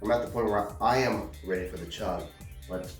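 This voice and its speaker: A man's voice: fairly low pitch, fairly quick, far from the mic. A man hosting a casual beer-review show, talking in a goofy, rambling way. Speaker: podcast host. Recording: roomy, off-mic, faint music.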